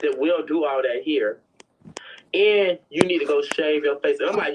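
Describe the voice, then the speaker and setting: A woman's voice: low-pitched, normal speed, slight background noise. A woman telling prison stories in a casual, sassy, dramatic way, slipping into other people's voices. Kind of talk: casual storytelling. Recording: dull lo-fi sound.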